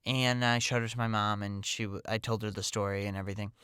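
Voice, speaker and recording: A man's voice: fairly low pitch, little pitch movement, fast, pushed and bright, clean tone, no echo, clean studio sound. A man hosting a podcast, telling a personal story in a casual, rambling way full of "like" and "um".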